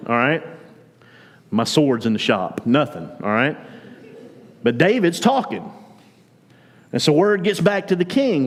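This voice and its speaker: A man preaching a sermon as pastor, retelling a story in a relaxed, conversational way and acting out the quotes. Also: mid-range voice, long reverb tail. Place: church.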